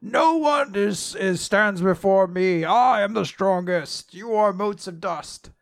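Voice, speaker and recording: A man voicing an arrogant male demon king villain who shouts gloating threats. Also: high voice, slow pace, gravelly, voice pushed up, heavily acted.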